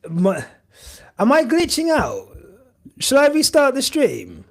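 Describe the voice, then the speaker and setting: Young bloke rambling on a live stream, slow and gravelly, swears a lot. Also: male voice, very high voice, wildly swooping pitch. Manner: rambling, lots of filler words, swears casually. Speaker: podcast host streaming live. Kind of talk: casual live-stream chat with viewers.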